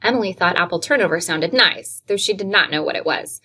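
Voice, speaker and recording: A woman reading a classic novel aloud, with steady, clear storytelling. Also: fairly low pitch, fairly quick. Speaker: audiobook reader.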